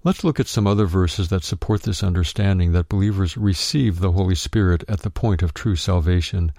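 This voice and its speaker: A man narrating a written Bible teaching, reading it out in a measured way and calling out verse references. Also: low-pitched, fairly even intonation, gravelly, mellow, dry recording, studio quality.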